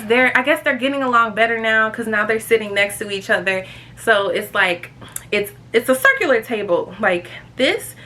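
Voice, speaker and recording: A young woman telling a girls' trip story to her viewers in casual vlog style, animated and chatty. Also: a little hiss or hum. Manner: chatty, animated, jumps high when quoting friends. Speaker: storytime vlogger.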